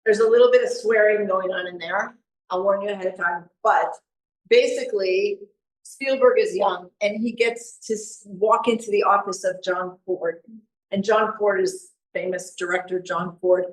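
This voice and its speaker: A woman giving a live painting demonstration to an audience, talking in a relaxed, chatty way and thinking aloud as she works. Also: medium pitch, normal speed. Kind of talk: live art demonstration talk. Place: meeting room with an audience. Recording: echoey room recorded from far off.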